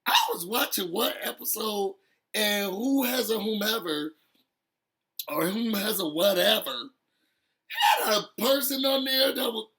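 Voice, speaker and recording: A man recapping a reality show episode in a casual, emotional chat, animated and laughing often as he talks straight to viewers. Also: sits high, measured pace.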